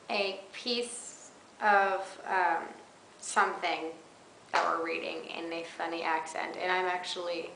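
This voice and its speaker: A young woman, a college student, chatting casually to her webcam in a dorm room, rambling with giggles and fillers. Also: fairly low pitch. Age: young adult. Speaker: college vlogger. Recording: roomy echo, faint background noise.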